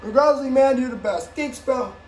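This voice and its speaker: A woman improvising a toy play, voicing several characters and switching voices, with bursts of shouting. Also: high voice, moderate pace. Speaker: home video creator. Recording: echoey room with faint background noise.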